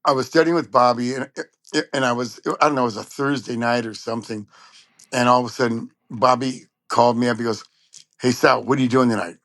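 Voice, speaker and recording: A man from Long Beach, California, a trumpet player telling lively anecdotes in a casual interview. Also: mid-range voice, brisk, no room sound. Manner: animated anecdotes, acts out quoted voices.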